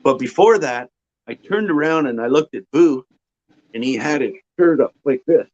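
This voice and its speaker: A man from Ontario, a guest casually telling a long, rambling anecdote with filler pauses. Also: mid-range voice, expressive, darkish tone. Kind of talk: casual storytelling. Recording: dull lo-fi audio.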